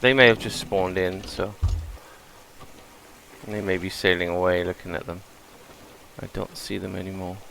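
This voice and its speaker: A man's voice: deep voice, level tone, normal speed, vocal fry, background noise. A man hosting a gaming video, chatting casually and thinking aloud as he plays. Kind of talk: relaxed gameplay commentary.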